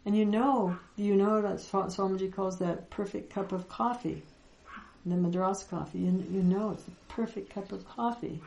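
A woman giving a reflective spiritual teaching talk, gentle and unhurried, with soft laughs and pauses. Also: mid-range voice, steady tone, gravelly, roomy sound, dull audio. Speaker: Vedanta teacher.

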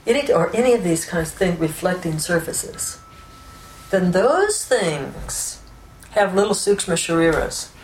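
A woman with a fairly low voice teaches in a calm, explanatory way, often checking in with her listeners. The sound is roomy, with a noticeable echo and a faint hiss in the background. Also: a little slow. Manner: calm, explanatory, with frequent "right?" and "you know". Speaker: spiritual teacher. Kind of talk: unscripted spiritual teaching talk.

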